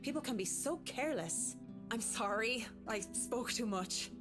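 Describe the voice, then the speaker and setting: A man's voice: very high-pitched, unhurried, music in the background, voice pushed up. A man voicing a courteous, slightly apologetic woman with a pet dog, reading a visual novel aloud. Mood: polite.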